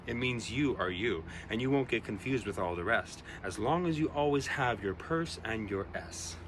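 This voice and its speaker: A man as a gentle mother seagull. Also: mid-range voice, lively intonation, moderate pace, a little hiss or hum, close to an everyday voice. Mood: tender. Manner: tender, reassuring.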